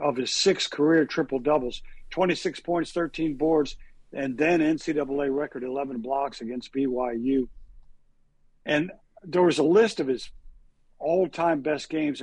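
A sports reporter co-hosts a casual talk show, rambling through anecdotes crammed with stats and frequent filler words. His voice is fairly high-pitched and husky, and the recording is dry.

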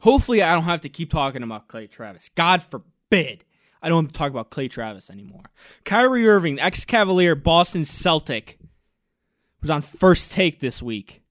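A man hosting a podcast, ranting angrily with loud mocking sarcasm and jeering mimicry. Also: a little high, very animated, normal speed, dry recording, clean studio sound. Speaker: podcast host. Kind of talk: angry ranting commentary.

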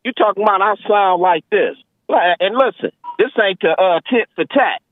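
High-voiced jokey male caller over a phone. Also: normal speed, no echo, narrow, tinny audio. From Detroit. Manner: jokey, mocking, laughs at own jabs. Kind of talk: heated phone-in argument. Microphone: phone line.

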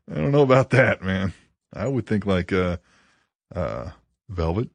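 A man co-hosting a podcast, talking crude and loose and laughing often. His pitch swings widely as he reads tweets and retells stories. The sound is dry and close. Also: expressive, takes it slowly, gravelly, long pauses, no room sound. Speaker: podcast co-host. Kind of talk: casual podcast chat.

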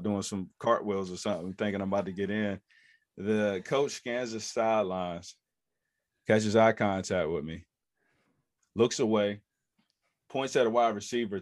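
In a lowish voice, a man in his thirties who once played running back in the NFL tells an animated story during a podcast interview, raising his voice to act out quotes. The studio-quality audio has no room sound.

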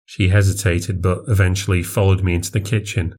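Male podcast narrator, low register, first-person horror tale, unshowy confessional delivery. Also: little pitch movement, a little fast, darkish tone, breathy edge. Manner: confessional, plainspoken.

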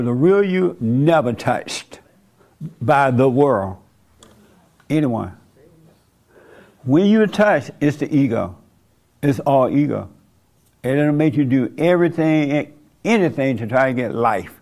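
A man's voice: mid-range voice, sing-song, slow pace, creaky, pauses often, darkish tone. A man preaching an informal sermon to a small group, conversational, asking rhetorical questions and chuckling at his own points.

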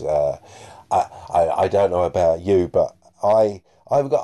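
A man's voice: deep voice, warm tone. A man hosting a podcast, chatting casually and a bit self-deprecatingly about listener messages. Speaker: podcast host.

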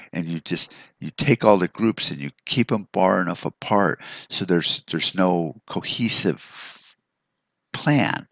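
A man's voice: deep voice, moderate pace, fairly bright tone, dry recording. A man hosting a solo podcast, delivering a profane, rambling rant full of restarts. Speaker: podcast host. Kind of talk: ranting solo podcast monologue.

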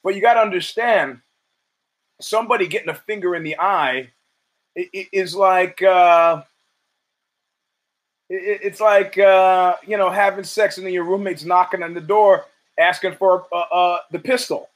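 A man with a fairly high voice hosts his own talk show, spinning a long, profane anecdote off the cuff. He stammers and restarts as he goes and slips into the other people's lines when he quotes them. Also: moderate pace, low-quality recording. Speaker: podcast host. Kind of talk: casual storytelling monologue.

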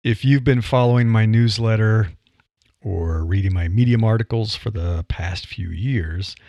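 A man's voice: on the low side, a little mellow, no echo. An older man from Nebraska with a Midwestern accent, hosting a solo podcast and speaking bluntly and wryly. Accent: Midwestern American. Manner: blunt, plain-spoken, wry. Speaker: podcast host. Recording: dry, slightly dull audio.

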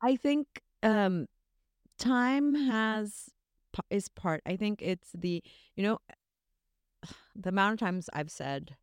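A woman's voice: medium pitch, slow, pauses often, smooth, no room sound, studio quality. A woman hosting a podcast in casual conversation, talking openly and reflectively about herself. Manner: candid, self-reflective. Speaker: podcast host.

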